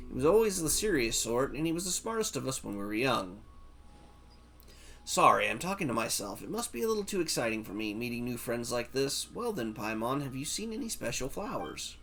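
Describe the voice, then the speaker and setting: A man reading a gentle, wistful woman doll with a gravelly voice. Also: mid-range voice. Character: gentle, wistful small woman doll who tends flowers. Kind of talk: reading game dialogue aloud.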